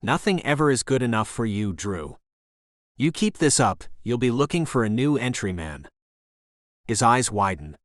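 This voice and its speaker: A man's voice: mid-range voice, very animated, moderate pace, a bit bright, no echo. Man narrating a romance audiobook, dry.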